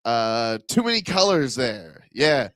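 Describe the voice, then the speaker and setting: A man's voice: medium pitch, big pitch swings, takes it slowly, fairly bright tone, no echo, clean studio sound. A man doing a stand-up comedy set in a club, chatting with the crowd, rambling and laughing at his own jokes.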